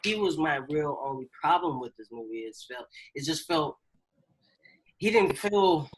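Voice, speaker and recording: A man's voice: a little high, lively intonation, measured pace, slightly rough, rough recording. A man co-hosting a casual film podcast, hesitant and trailing off with many "um"s. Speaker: podcast co-host.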